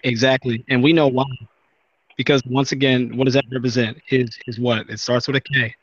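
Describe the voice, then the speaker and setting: A man's voice: medium pitch, level tone, brisk, dry recording, highs cut off. A man in a religious debate, speaking emphatically and pressing his opponent with questions.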